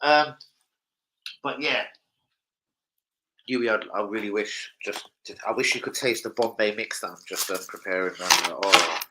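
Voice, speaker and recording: A man's voice: lowish voice, normal speed, pauses often, very noisy. A man from London with a London accent, chatting on a live football stream and telling rowdy, swear-filled stories. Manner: loud, swearing storyteller, jumps into shouting. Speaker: football channel host. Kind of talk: casual live-stream chat.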